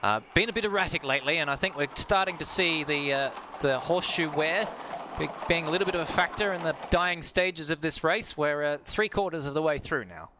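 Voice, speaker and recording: A man's voice: a little high, expressive, brisk, pushed and bright, a little hiss or hum. A man co-commentating a sim horse race, chatty with enthusiastic exclamations.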